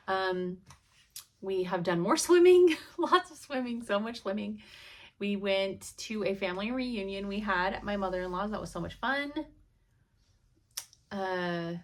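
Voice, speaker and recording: A woman in her thirties chatting casually to her viewers as a cross-stitch vlogger, laughing often as she tells stories. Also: mid-range voice. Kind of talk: casual chat.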